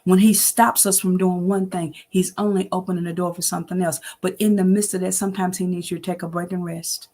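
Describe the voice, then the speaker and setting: A woman's voice: lowish voice, level tone, fairly quick, hardly any pauses, dark tone. A woman in her sixties giving a preachy, familiar faith talk on a livestream, greeting viewers by name and laughing often. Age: 60s. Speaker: host of an online inspirational show.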